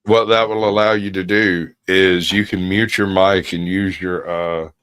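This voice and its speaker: A man's voice: low voice, steady tone, a little slow, a bit bright, clean tone, no room sound. A man hosting a livestream panel, talking casually and explaining things with plenty of filler words. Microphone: streaming call mic.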